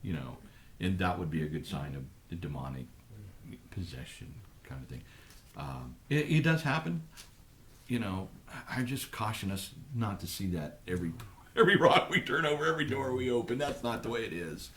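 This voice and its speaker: A middle-aged man, a pastor, talking on a live ministry program in a thoughtful, halting way with many restarts. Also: fairly low pitch, expressive, a bit bright. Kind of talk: live radio ministry talk.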